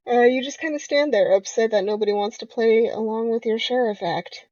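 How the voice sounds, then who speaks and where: A woman's voice: a little high, fairly quick, hardly any pauses, dark tone, no room sound. Giggly young woman reading a dating game. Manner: playful, giggly, joking. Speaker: gamer. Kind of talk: let's play, reading a dating game aloud. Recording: dull lo-fi home recording.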